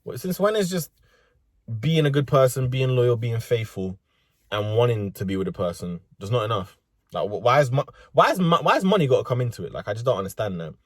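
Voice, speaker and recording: A man's voice: mid-range voice, expressive, a little fast, no echo, studio quality. A young man with a London accent, ranting comedically and profanely in street slang from inside a car. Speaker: vlogger. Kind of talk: comedic rant.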